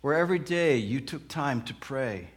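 A man preaching a sermon, telling stories and acting out the people in them, moving between soft, slow passages and loud outbursts. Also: mid-range voice, animated. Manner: dramatic, acts out quoted voices, swings from soft to loud. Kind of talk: sermon with storytelling.

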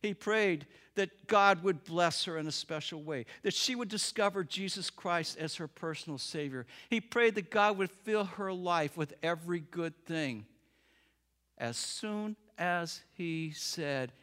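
A man preaching, telling a story with lively acted-out voices. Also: a little high, slow pace. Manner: animated, acts out voices in the story. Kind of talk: sermon storytelling.

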